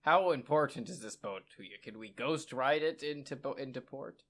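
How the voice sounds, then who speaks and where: A man's voice: mid-range voice, normal speed, fairly bright tone, close to an everyday voice. Man playing a bold swashbuckling sailor. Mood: scheming. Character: swashbuckling male adventurer, bold and cheerful.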